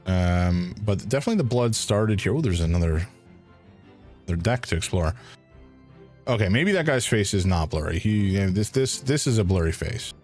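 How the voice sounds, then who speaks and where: A man's voice: deep voice, expressive, moderate pace, a little mellow, faint music behind. A man streaming a first playthrough of a detective game, thinking aloud in a hesitant way with frequent restarts. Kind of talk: casual live game commentary.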